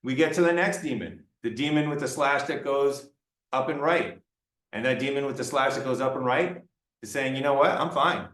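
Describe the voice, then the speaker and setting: A man's voice: mid-range voice, moderate pace, a bit bright. A man giving a classroom lecture in a playful way, acting out examples for students. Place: lecture room. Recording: roomy lecture room, mic far off.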